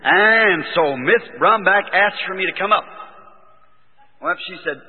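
A man, a preacher telling a story from the pulpit in a folksy way that rises into excited exclamations. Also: high-pitched, moderate pace. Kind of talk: storytelling sermon. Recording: old phone-like recording in a reverberant hall.

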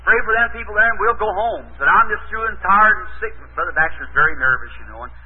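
High husky preacher on a tinny tape. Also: male voice, animated, quick pace. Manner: folksy, plain-spoken, acts out quoted dialogue. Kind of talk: sermon with storytelling. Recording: tinny lo-fi old recording.

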